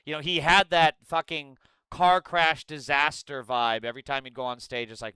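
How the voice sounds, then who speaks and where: A man's voice: on the high side, moderate pace, sharp tone, clean tone, dry recording, poor audio. Profane sarcastic male streamer. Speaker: political commentary streamer. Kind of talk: live reaction stream with chat.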